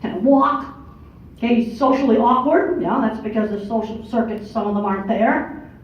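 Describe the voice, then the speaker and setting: A woman's voice: a little high, normal speed. Older lady giving a talk, blunt no-nonsense delivery, far from the mic, dull muffled sound. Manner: blunt, matter-of-fact, emphatic. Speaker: speaker giving a lecture. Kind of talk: conference talk. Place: large lecture hall. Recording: far-off echoey hall, dull lo-fi audio.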